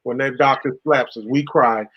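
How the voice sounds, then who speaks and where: A man's voice: mid-range voice, fairly even intonation, normal speed, husky, dull audio. A man hosting a faith talk show, speaking in a preacherly, affectionate, exhorting way. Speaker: host. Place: Carolina.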